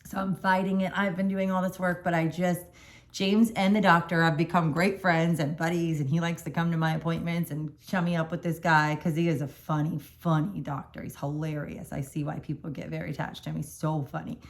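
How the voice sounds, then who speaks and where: Rambling, lower-voiced woman telling a story. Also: fairly quick. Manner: rambling, self-correcting, animated. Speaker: vlogger telling a birth story. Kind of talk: casual storytime.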